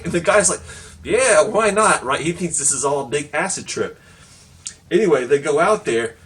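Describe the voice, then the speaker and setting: A man's voice: a little high, fairly bright tone, far from the mic. Chatty man reviewing comics, heard from the mic. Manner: loose and chatty, many fillers; easygoing, laughs along while retelling. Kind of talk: casual spoken review.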